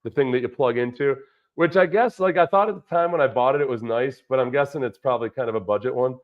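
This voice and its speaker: A man's voice: mid-range voice, fast talker. A man hosting a casual livestream about football, rambling and reacting to viewer chat. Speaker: livestream host, former football player. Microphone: studio dynamic mic through a budget audio interface. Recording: dull lo-fi stream audio with dropouts.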